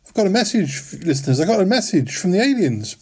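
A man's voice: sits high, sing-song, fast, a little mellow, slightly rough. A man hosting a comedy radio-style show, fretful and dithering, full of ums and little chuckles. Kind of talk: comic radio-style monologue.

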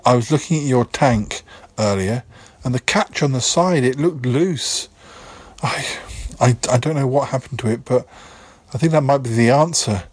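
A man in a comedy sketch who reassures gently and hesitantly, often stammering as he talks. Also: medium pitch, moderate pace, husky, no echo. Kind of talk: comic sketch dialogue.

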